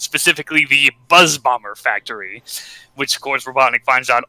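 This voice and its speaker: A man's voice: medium pitch, brisk, bright, forceful tone, dry recording, low-quality recording. A man co-hosting a casual podcast, recapping a story with voiced asides and frequent laughter. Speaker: podcast co-host.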